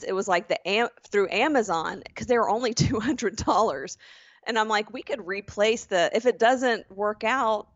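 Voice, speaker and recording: A woman in quick, joking banter on a podcast, laughing often. Her voice sits at a middle pitch. The recording is dry and a little dull, with the top end muffled. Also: no room sound. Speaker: podcast co-host. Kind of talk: casual chat.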